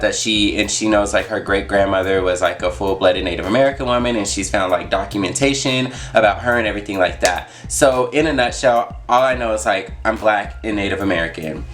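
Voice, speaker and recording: Young man, casual vlogger, low-pitched, chatty, lots of fillers, soft music behind. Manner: chatty, with many fillers and asides. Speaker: YouTuber. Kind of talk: casual vlog talk.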